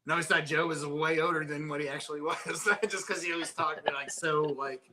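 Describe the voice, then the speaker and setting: A man's voice: on the high side, fairly even intonation, a little fast, bright, forceful tone. A man in casual chat, reminiscing about old friends and laughing along.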